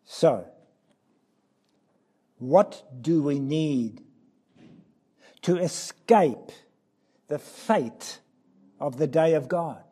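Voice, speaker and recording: A man preaching a sermon, impassioned and full of questions for his listeners, swinging from loud cries down to low, quiet asides. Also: animated, very slow, long pauses, husky.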